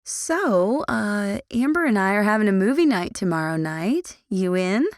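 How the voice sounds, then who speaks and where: A woman's voice: medium pitch, lively intonation, unhurried, no echo, studio quality, lightly acted. A woman reading an audiobook, voicing a friendly teenage girl with a Southern country twang. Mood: gushing. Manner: country twang, breathy and effusive.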